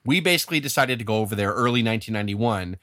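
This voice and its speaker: A man with a fairly low pitch talks rapid-fire as a podcast co-host, telling a story in casual chat and acting out the quotes in animated fashion. There's no echo.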